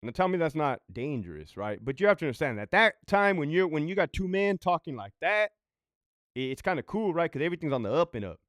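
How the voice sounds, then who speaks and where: A blunt, profane man spins a story from his years as a prison sergeant. His pitch swings widely up and down as he talks. The sound is close and dry. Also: big pitch swings, quick pace, fairly bright tone, dry recording. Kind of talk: casual storytime monologue.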